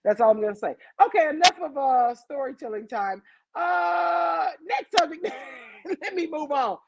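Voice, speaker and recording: Woman host on a podcast, kinda high voice, animated storytelling, lots of swearing, keeps talking to "y'all". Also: a little slow, raised voice, lo-fi sound, noisy background. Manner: animated, profane, talks straight to listeners. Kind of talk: casual comic storytelling.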